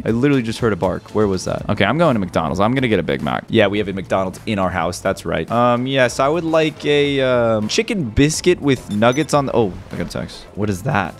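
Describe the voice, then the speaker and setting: A young man hosting a gaming video, panicking and exclaiming in excitable gameplay commentary with rapid repeats. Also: on the low side.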